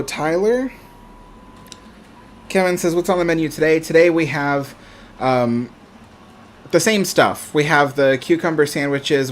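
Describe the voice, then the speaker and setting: A man's voice: a little high, a little hiss or hum. A man hosting a live stream, chatting casually and reading viewer comments aloud with frequent ums. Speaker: livestream host.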